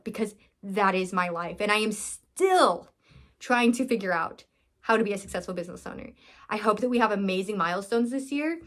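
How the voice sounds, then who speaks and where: A woman's voice: medium pitch, fairly bright tone. A young woman vlogger talking earnestly and emotionally to her viewers, rambling with restarts. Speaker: vlogger and business owner. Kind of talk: casual heartfelt talk to camera.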